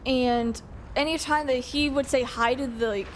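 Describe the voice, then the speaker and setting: A young woman with a high, bright voice chats casually while she plays, rambling and filling every pause with "like." A clear layer of background noise hums behind her. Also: fairly even intonation. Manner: chatty, rambling, frequent fillers. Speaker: streamer. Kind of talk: casual chat while gaming.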